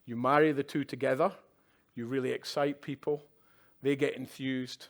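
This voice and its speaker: A man's voice: mid-range voice, little pitch movement, moderate pace. Male keynote speaker on a conference stage, chatty, drops wry asides and "yeah?" checks to the room. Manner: conversational, with tag questions and wry asides. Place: conference stage at a live event.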